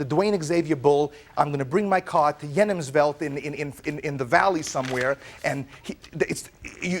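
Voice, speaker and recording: A man telling his side of a dispute in a courtroom, in an animated way that often stumbles and repeats words. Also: fairly high pitch, normal speed. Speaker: plaintiff in a TV courtroom.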